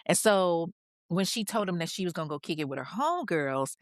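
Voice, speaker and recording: A woman's voice: lowish voice, animated, brisk, no room sound, clean studio sound. A woman hosting a podcast, telling a true crime story in a casual, slangy way with chatty asides.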